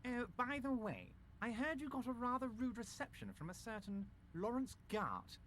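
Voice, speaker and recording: An actor voicing a smug, portly male union boss in a video game, with a nasal voice and a smooth, unctuous politeness. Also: very high voice, big pitch swings, normal speed, a bit bright, a little hiss or hum, heavily acted.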